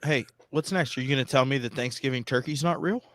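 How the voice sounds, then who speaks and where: A man's voice: medium pitch, fast talker, fairly bright tone, dry recording. A man co-hosting a casual wrestling podcast, teasing and blunt, swearing freely. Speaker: podcast co-host.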